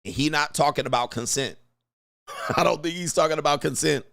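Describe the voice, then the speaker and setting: A man hosting a commentary vlog, talking in a profane, animated way and acting out quotes. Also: fairly high pitch, normal speed, creaky. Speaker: host.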